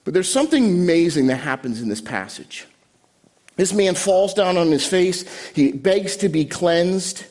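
A man preaching a sermon from a church stage, animated, with dramatic pauses and quiet emotional drops. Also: sits high. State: choked up. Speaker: pastor.

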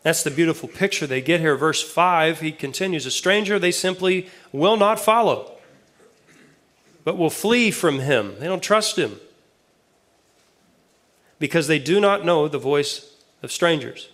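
Man preaching a casual, lively sermon, higher-pitched, reads scripture with chatty asides. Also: unhurried, pauses often. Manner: casual and animated, with asides and questions to the listeners. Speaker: pastor. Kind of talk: conversational sermon with Bible reading.

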